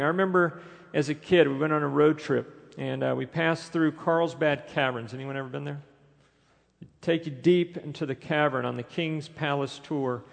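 A male pastor delivering an emphatic sermon, asking the congregation question after question. His voice sits a little high and carries a gravelly edge. The sound rings with the long reverb of a large church hall. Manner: emphatic preaching with rhetorical questions.

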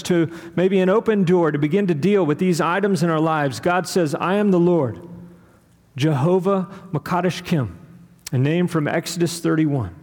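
A man preaching a sermon, rhythmic and building to loud, emphatic peaks. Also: on the high side. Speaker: pastor. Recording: long hall reverb.

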